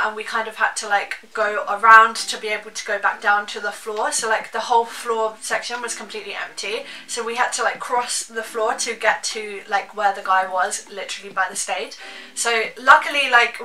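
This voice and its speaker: A woman's voice: on the high side, bright, forceful tone, echoey room, recorded from a distance, poor audio. A young woman telling a casual storytime, chatty and full of "like". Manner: chatty, heavy use of "like". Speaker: vlogger.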